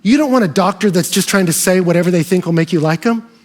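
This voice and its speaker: A man preaching a sermon as pastor, animated, rising into shouts and then dropping low. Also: fast. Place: church service in a hall.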